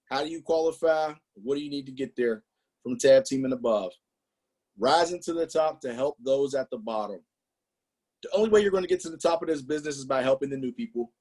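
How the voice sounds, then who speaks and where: On a business call, a man gives a hyped, emphatic motivational sales pitch, addressing his audience directly. His pitch is fairly high and his tone a little mellow.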